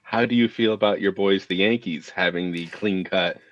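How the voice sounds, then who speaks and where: A man's voice: low voice, moderate pace, no room sound. Laid-back man calling in on dull audio. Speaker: caller. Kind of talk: casual chat.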